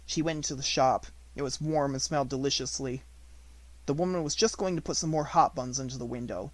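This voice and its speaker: A man reading an unabridged audiobook in a measured storytelling manner, slowing on descriptive words. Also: medium pitch, dry recording. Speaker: audiobook reader.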